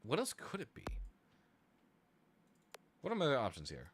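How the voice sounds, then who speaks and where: A man streaming himself making music, chatting casually as he works, thinking out loud with hesitant restarts and sudden excited bursts. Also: medium pitch, normal speed. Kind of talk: casual live-stream chat while producing music.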